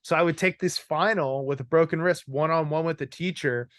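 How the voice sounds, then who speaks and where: A man's voice: a little high, fairly quick, a bit bright, dry recording. A young man hosting a casual comedy podcast, telling rambling joking stories and laughing often. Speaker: podcast host.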